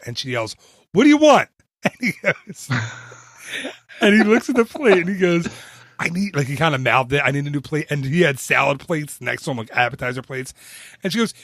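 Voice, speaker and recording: A man co-hosting a podcast, chatting casually and telling a lively story with frequent restarts. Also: medium pitch, dry recording, studio quality. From northern United States. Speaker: podcast co-host. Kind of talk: casual chat.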